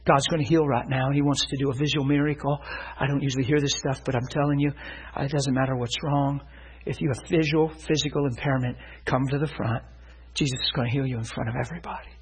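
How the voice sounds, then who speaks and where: A man preaching a sermon in a church, telling a healing story in an animated way, his voice climbing high when he gets excited. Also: fast, breathy edge.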